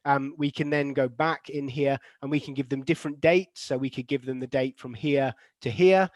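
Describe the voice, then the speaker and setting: A man's voice: medium pitch, steady tone, moderate pace, dry recording. A man leading an online lesson for teachers, reading replies from the chat, asking the class questions and saying example sentences aloud to show word stress. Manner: many fillers and restarts, models stress patterns aloud.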